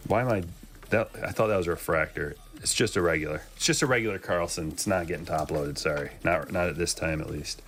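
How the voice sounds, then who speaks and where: A man's voice: sits low, fast, fairly bright tone, soft background music. A man hosting a live trading card break, chatting casually and joking with viewers while he opens packs. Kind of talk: casual live-stream commentary.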